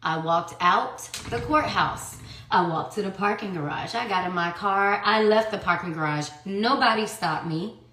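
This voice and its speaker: A woman's voice: mid-range voice, moderate pace, bright, forceful tone. A woman giving a heated personal account in an interview, blunt and profane, who hammers her points with repeated rhetorical questions. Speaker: interview guest. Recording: echoey room.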